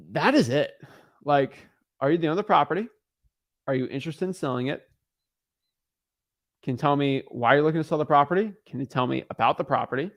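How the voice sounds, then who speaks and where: A man's voice: a little high, vocal fry. A young man coaching on a live stream, emphatic and repetitive, driving his points home. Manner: emphatic, repetitive, acts out callers' voices. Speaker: real estate wholesaling coach. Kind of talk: energetic live-stream teaching.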